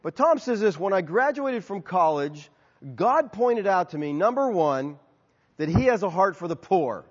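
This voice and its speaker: A pastor delivering a conversational sermon to his congregation, telling stories and sometimes acting out shouted lines. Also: high voice, very animated, moderate pace. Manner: conversational, storytelling with acted-out shouts. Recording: dull, lo-fi audio with long hall reverb.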